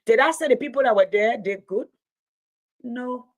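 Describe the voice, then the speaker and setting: Indignant woman, emphatic and higher-pitched. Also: moderate pace. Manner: indignant, emphatic, repeats phrases for stress. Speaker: commentator. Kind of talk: impassioned political commentary.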